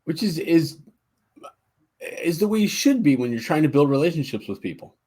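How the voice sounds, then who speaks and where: A man's voice: fairly high pitch, sing-song, moderate pace, dark tone. A man hosting a podcast, prompting his guest with short questions in casual chat. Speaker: podcast host.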